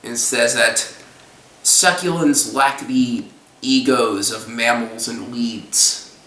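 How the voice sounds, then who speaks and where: Young guy, casual halting storyteller, bright voice, caught at a distance in an echoey room. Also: mid-range voice. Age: young adult. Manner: halting, restarts, breaks into silly voices and laughs. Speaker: storyteller recounting a trip. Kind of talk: casual rambling monologue.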